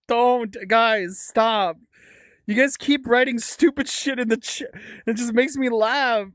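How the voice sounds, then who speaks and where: A woman's voice: fairly high pitch, slow, no echo. A young woman hosting a casual livestream, reading chat aloud with a giggly, stammering, jokey way of talking. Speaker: livestream host.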